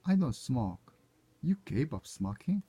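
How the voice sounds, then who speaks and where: A man's voice: mid-range voice, big pitch swings, takes it slowly, dark tone, slight background noise. A man whose first language is Korean, reading short everyday English dialogue lines aloud one by one to proofread them, sometimes correcting himself. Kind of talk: reading practice phrases aloud.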